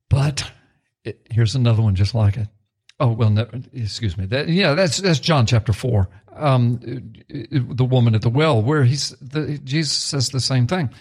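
A middle-aged male pastor teaching excitedly on a talk show, reading scripture aloud with rising emphasis. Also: medium pitch, moderate pace, slightly rough.

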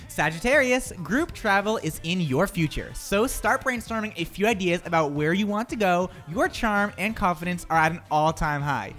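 A man's voice: high-pitched, lively intonation, normal speed, hardly any pauses, a bit bright, faint music behind. A man hosting a casual group chat on a video call, giggling and rambling as he gets distracted. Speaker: host.

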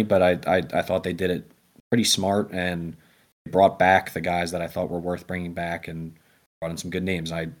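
A young man co-hosting a podcast, chatting casually about football with many restarts and fillers. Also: sits low. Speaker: podcast co-host. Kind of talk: casual sports chat.

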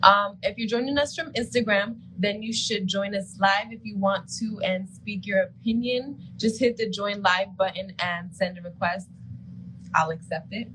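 Against a noisy background, a woman with a medium-pitched voice co-hosts a casual live stream and breaks down astrology. She's chatty, says "like" constantly, and laughs often.

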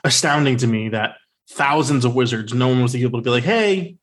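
A man co-hosting a podcast in casual film talk, sarcastic and animated, with many fillers. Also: medium pitch, fast talker. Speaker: podcast co-host.

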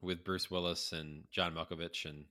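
A man's voice: low voice, flat delivery, normal speed, sharp tone. A man co-hosting a casual chat, telling stories with plenty of swearing and laughter. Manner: profane, laughing storyteller. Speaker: podcast co-host.

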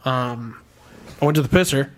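A man's voice: mid-range voice, normal speed. A man hosting a podcast in casual chat, telling stories with laughter and acted-out quotes. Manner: laughing storyteller, acts out quotes. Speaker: podcast host.

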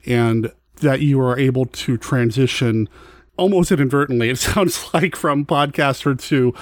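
A man's voice: medium pitch, unhurried, dry recording, clean studio sound. A man hosting a podcast interview, enthusiastic and admiring toward his guest. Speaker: podcast host. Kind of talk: conversational interview.

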